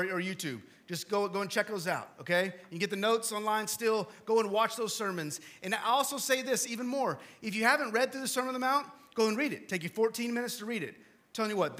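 High, bright-voiced preacher swinging loud to hushed. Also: male voice. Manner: swings from loud emphatic to hushed low delivery; conversational, with asides and small jokes. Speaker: pastor. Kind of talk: sermon. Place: church hall with congregation.

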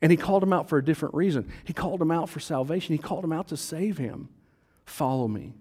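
With a husky, fairly high voice and rapid-fire delivery, this pastor preaches to his church in an animated, chatty way, posing questions to the congregation and trading jokes with them.

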